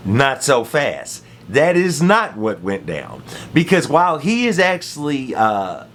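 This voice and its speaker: Male host, lively pitch, casual storytelling recap with slang, faint rumble under the voice. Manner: animated storytelling with slang and repeated phrases. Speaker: MMA commentary host. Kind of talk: casual fight recap monologue.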